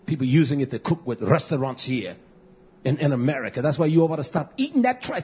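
A husky-voiced man preaches with blunt, repetitive force, his pitch sitting a little high. He swings from shouted peaks down to low mutters. The sound is muffled and lo-fi. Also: expressive, fast talker. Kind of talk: fiery sermon.

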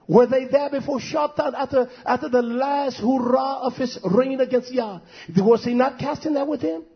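A very high-pitched male preacher with a husky voice delivers an emphatic sermon. He asks rhetorical questions and repeats key phrases to drive them home. The recording sounds dull and lo-fi. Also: expressive, moderate pace.

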